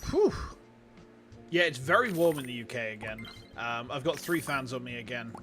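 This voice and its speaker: A man with a Yorkshire accent, chatting casually and excitably while livestreaming a game, swearing freely and greeting his chat. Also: mid-range voice, normal speed, soft background music. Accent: Yorkshire English. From Yorkshire, England. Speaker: streamer. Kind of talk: casual gaming livestream commentary. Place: warm room at home with fans running.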